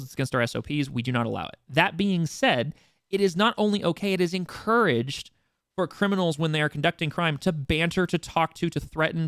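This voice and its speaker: Speaking in a fairly high, fairly bright voice, this man hosts an informal roleplay server meeting as staff, stumbling through reminders with fillers and frequent restarts. The recording is dry and studio-clean, and he drops the occasional swear word for emphasis.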